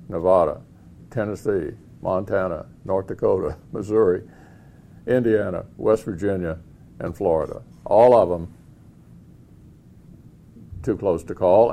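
A man doing a gruff, gravelly old senator. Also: sits low, warm tone, voice pushed down. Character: drawling older male senator, gruff and blunt.

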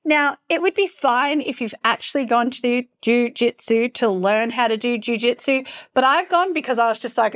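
Animated, gushing young woman storyteller. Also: a little high. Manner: animated, gushing, swears freely. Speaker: podcast host. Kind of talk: casual storytelling.

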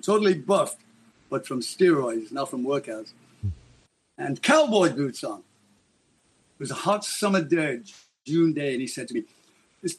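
Husky man spinning a dramatic tale. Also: fairly high pitch. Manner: dramatic, rambling storyteller. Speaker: guest. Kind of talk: storytelling in an interview.

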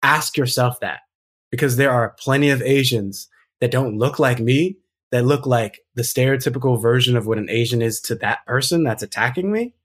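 A man's voice: medium pitch, normal speed. A man talking as a podcast guest in casual conversation, earnest and emphatic, reflecting at length.

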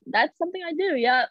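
Young female guest with bright, bubbly energy who acts out her reactions. Fairly high voice on a dry, muffled recording. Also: no room sound. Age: young adult. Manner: bubbly, acts out quoted reactions, frequent "like" fillers. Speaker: guest, Olympic gymnast. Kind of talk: casual storytelling chat. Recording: dull, dry lo-fi audio.

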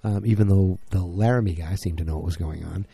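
A tired man casually recapping a TV episode, rambling and acting out the characters' lines in quick bursts. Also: low voice, vocal fry, warm tone, breathy edge, dry recording. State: tired, yawning. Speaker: podcast host recapping a TV episode.

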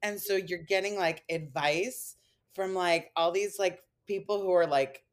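A woman co-host with a lower-pitched voice tells stories with animation in a relaxed podcast chat. She swears casually and makes up words as she goes. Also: a little slow.

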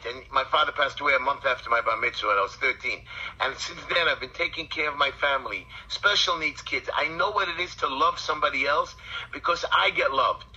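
A man's voice: fairly high pitch, sharp tone, slightly rough, lo-fi sound. A middle-aged man with a Brooklyn accent, a city council candidate talking bluntly and in a rambling, streetwise way as a guest on a phone interview. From Brooklyn, New York.

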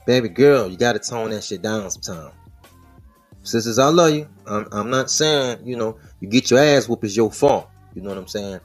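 A man hosting a podcast, talking through the news in casual, slangy, profane commentary. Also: mid-range voice. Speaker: podcast host.

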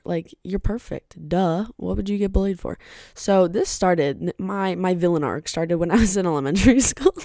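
A young woman hosts her own podcast in a loose, chatty monologue, speaking bluntly and swearing freely. Her voice sits low and mellow, with a gravelly edge. The sound is dry and close, with no room echo. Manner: candid and blunt, with frequent swearing; chatty and rambling, with side remarks. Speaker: podcast host.

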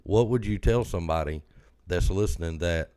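A man's voice: low voice, normal speed, dark tone, no room sound. A man hosting a podcast, asking a guest long, earnest questions in a casual way. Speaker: podcast host. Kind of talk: casual interview.

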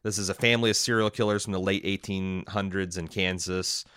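A man co-hosting a podcast in casual chat, recapping an episode and reading listener mail, with halting speech full of fillers and restarts. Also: sits low, steady tone, sharp tone, clean tone, no echo, clean studio sound. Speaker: podcast co-host.

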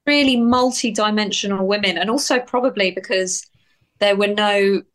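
A woman's voice: medium pitch, moderate pace, a bit bright. A woman, a guest actor and writer, talking in a candid, reflective and heartfelt way, often restarting her phrases. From United Kingdom. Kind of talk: candid interview conversation.

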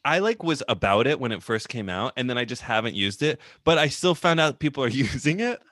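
A man chatting as a podcast guest, lively and self-deprecating, laughing between thoughts. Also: mid-range voice, fairly quick, no echo, clean studio sound. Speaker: podcast guest, social media creator. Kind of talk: casual chat.

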